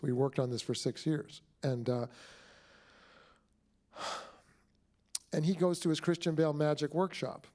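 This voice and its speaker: Middle-aged male director, mid-pitched and mellow, effusive and rambling Q&A answers. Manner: rambling, warm and effusive, many restarts. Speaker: film director, guest. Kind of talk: Q&A talk after a screening.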